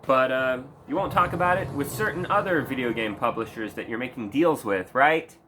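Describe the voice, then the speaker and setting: A man's voice: mid-range voice, moderate pace, noisy background. A man ranting in a casual commentary video, heated and sarcastic, swearing often. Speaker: video creator.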